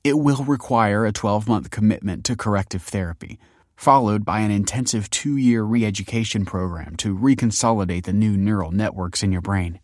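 A man's voice: fairly low pitch, normal speed, no room sound, clean studio sound, close to an everyday voice. A man voicing a composed young woman official who explains things in a precise, formal way.

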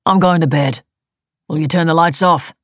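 Woman reading a curt evasive older husband, clipped lines, husky low voice. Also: moderate pace, dry recording, clean studio sound.

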